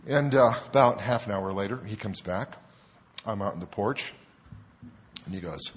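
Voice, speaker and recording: A man's voice: lowish voice, expressive, normal speed, long pauses, long reverb tail, slight background noise. An older man, a pastor, telling a self-deprecating story in a conversational sermon. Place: church sanctuary.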